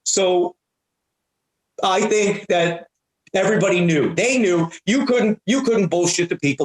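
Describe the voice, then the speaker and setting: An excitable, high-voiced man, a guest who is a prank-call comedian and voice actor, tells animated anecdotes at a measured pace. He often repeats and restarts words, and the recording has a roomy echo.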